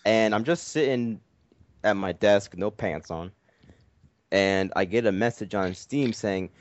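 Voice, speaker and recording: A man telling a long story in casual chat, animated and full of swearing. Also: on the low side, measured pace, no echo. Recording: dry, dull lo-fi audio.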